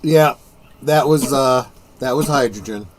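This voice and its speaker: A man's voice: mid-range voice, measured pace, a little hiss or hum. A man hosting a casual watch-along film commentary, making wry, joking asides.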